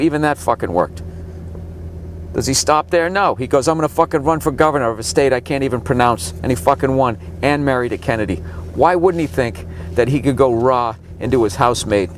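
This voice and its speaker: A man in his forties, a stand-up comedian, slightly sick, ranting sarcastically and profanely while riding in the back of a cab. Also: mid-range voice. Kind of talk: ranting tour commentary from a cab. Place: back seat of a cab in city traffic. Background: faint traffic noise.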